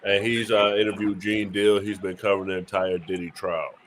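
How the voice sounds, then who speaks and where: A low-voiced man co-hosting a podcast keeps things moving with short, prompting questions. Clear background noise sits behind his voice. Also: level tone, fairly quick. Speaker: podcast co-host. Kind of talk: casual podcast chat.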